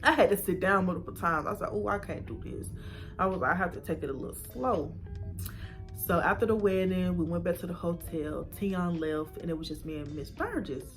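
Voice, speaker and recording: A woman's voice: lowish voice, a little fast, soft background music. A young woman telling a personal story to camera, acting out her past reactions with whispers and gasps. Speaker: vlogger.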